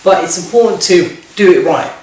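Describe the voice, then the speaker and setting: A man's voice: high voice, a little fast. A man who is a musician, explaining his views earnestly and stammering a little as he thinks. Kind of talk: casual interview chat. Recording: echoey room, mic at a distance.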